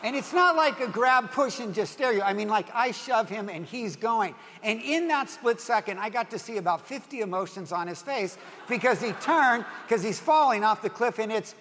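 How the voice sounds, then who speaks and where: A man's voice: sits high, animated, moderate pace, few pauses, a bit bright, in a large hall, slight background noise. A man in his sixties preaching a sermon, telling a long personal story in a rambling, self-interrupting way and laughing at his own tale. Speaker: pastor.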